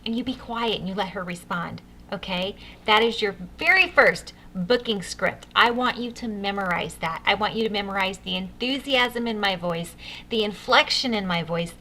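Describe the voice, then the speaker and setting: A woman's voice: mid-range voice, normal speed, pushed and bright, slight background noise. A woman leading a sales training session for new consultants, upbeat and coaching, speaking straight to her listeners. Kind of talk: enthusiastic sales training talk.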